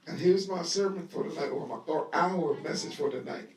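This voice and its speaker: A man teaching a Bible lesson to a live audience in a lively sermon style, talking conversationally, acting out scenes, and leading call-and-response. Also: high voice, moderate pace, hardly any pauses. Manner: conversational, acts out scenes with voices. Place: room at a live gathering. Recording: echoey live room audio, voice distant.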